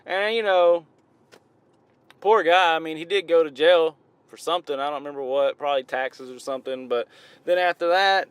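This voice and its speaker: A man's voice: on the high side, normal speed, clean tone, no echo. A man with a Southern US accent, rambling casually and correcting himself as he reviews hip-hop outdoors. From American South. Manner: rambling, self-correcting, drawling southern talk.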